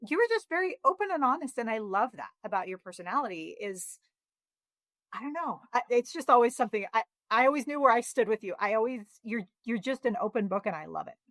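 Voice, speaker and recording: A woman hosting a podcast, asking questions and sharing her own reflections in an encouraging, relaxed conversation. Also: fairly high pitch, dry recording. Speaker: podcast host. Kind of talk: casual interview conversation.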